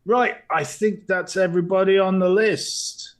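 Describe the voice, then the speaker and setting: A man's voice: high-pitched, fairly even intonation, a little slow. A middle-aged man co-hosting a live stream, greeting viewers in a playful, teasing way with lots of giggling. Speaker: livestream co-host.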